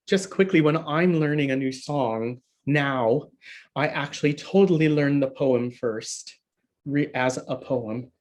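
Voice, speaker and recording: A man's voice: medium pitch, darkish tone. A man teaching a harp and singing workshop online over a video call, chatty and friendly, laughing often and counting in. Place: home room on a live video stream.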